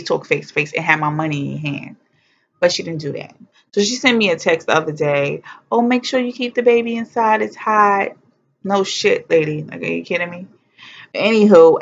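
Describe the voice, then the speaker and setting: A young woman telling a personal story to camera in a casual, animated way, blunt and swearing freely, acting out what people said. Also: lowish voice, vocal fry. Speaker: vlogger. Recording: dull lo-fi sound.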